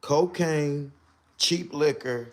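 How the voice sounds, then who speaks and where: A man's voice: on the high side, extremely slow, heavy background noise. A man talking casually on a live stream. He comments animatedly and repeats points for emphasis.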